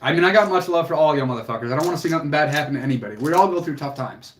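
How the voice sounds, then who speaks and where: Racing and animated, a young man with a fairly high voice hosts a fitness livestream, pouring earnest emotion into his motivational talk to viewers. He keeps it casual and swears freely, and a little background noise can be heard.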